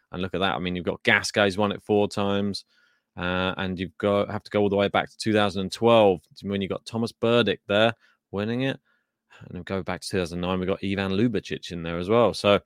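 A man's voice: on the low side, dry recording. Male podcast host, loose chatty delivery, dry close sound. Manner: chatty, thinking aloud with fillers. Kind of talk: casual tennis preview chat.

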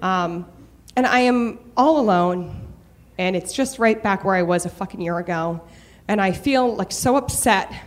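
A woman's voice: medium pitch, measured pace. A young woman telling a candid, profane personal story on stage, building to comic rants.

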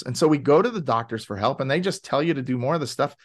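A man as a podcast guest, telling a story in a casual, animated way and acting out quoted voices. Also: mid-range voice, quick pace. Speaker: podcast guest, wellness advocate.

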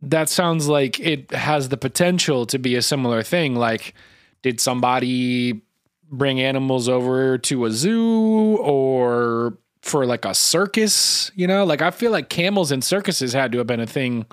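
A man's voice: mid-range voice, a little slow, dry recording. Man, podcast co-host, casual comedic chat, swears a lot, laughs often, dry close sound. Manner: profane, rambling, laughs often. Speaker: podcast co-host guessing cryptids.

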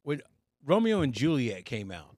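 Lively, expressive man telling stories. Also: medium pitch, moderate pace, no echo, clean studio sound. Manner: animated storytelling with quoted voices. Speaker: podcast guest. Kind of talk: casual comedy podcast chat.

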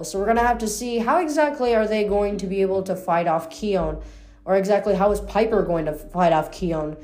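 A woman's voice: mid-range voice, mellow. Woman, casual book reading, chatty, stumbles over words, faint background music. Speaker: book reader. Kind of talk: casual reading aloud of a novel.

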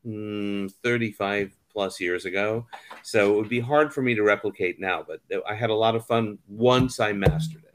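A man's voice: on the low side, fairly even intonation, moderate pace. A man in his fifties, a theater director, chatting casually and telling anecdotes as a guest. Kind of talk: casual conversation.

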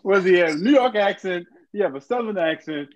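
A man in a casual podcast chat, teasing his co-hosts and giggling. His voice sits a little high and comes through a muffled remote line with faint background hiss. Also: animated, fairly quick. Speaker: podcast co-host.

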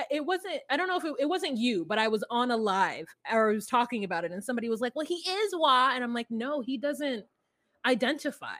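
A woman's voice: on the high side, no echo, studio quality. A woman co-hosting a podcast, recapping a reality show in casual chat full of fillers and asides. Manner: chatty, lots of fillers and asides. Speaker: podcast co-host.

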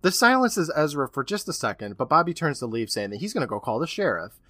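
A podcast co-host recaps a horror episode in a casual chat, his slightly high voice animated and fast as he acts out quotes while telling the story. The recording is dry and studio quality.

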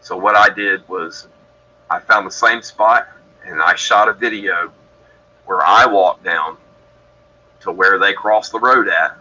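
A man's voice: low voice, measured pace, long pauses, bright, forceful tone, dull audio. A man from Georgia in the US, telling his story as a podcast guest in a rambling, matter-of-fact way that keeps correcting itself. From Georgia, USA. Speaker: guest describing encounters.

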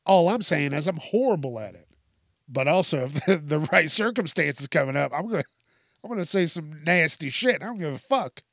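A man's voice: a little high, lively intonation, moderate pace, vocal fry, fairly bright tone, no echo, studio quality. A man hosting a podcast, talking casually in a profane, self-deprecating way, laughing often and restarting his sentences. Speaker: podcast host. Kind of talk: casual monologue.

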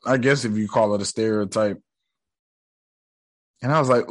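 A man's voice: on the low side, normal speed, pauses often, no room sound. A young man giving a casual, joking recap of a show episode, full of slang and profanity.

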